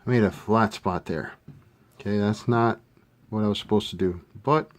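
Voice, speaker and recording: A man giving a casual hands-on modeling tutorial, thinking aloud with relaxed fillers as he works. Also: lowish voice, moderate pace. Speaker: scale model hobbyist demonstrating a kit build.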